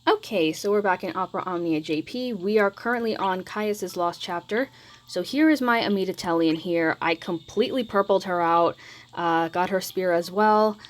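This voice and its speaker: Low-voiced woman rambling through gameplay. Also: moderate pace, low-quality recording. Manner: rambling, hesitant, self-admittedly mumbling. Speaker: mobile game video creator. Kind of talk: casual gameplay commentary.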